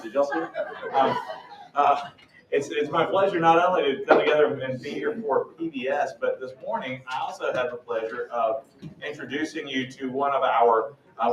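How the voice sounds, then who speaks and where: A man's voice: mid-range voice, a little hiss or hum. A man, the pastor, introducing a guest to his Bible study group in a rambling, casual way. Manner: rambling, warm-up style with many fillers. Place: church hall. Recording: roomy, dull-sounding hall recording from a distance.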